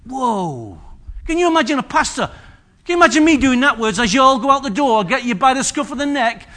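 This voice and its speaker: A man's voice: very high voice, fast talker. An older man preaching a sermon in a church, telling stories and asking the congregation questions. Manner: lively, storytelling, asks the congregation questions.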